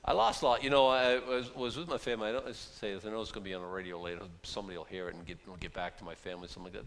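A man preaching a chatty, self-deprecating sermon, swinging from hushed asides to loud bursts. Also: mid-range voice, big-room sound. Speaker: pastor. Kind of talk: casual sermon.

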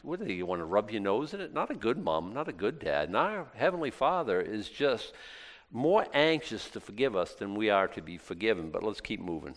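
Here a male pastor with a low-leaning voice is very animated and a little fast as he delivers a casual sermon. He plays out short prayers and back-and-forth conversations, all echoing with long hall reverb.

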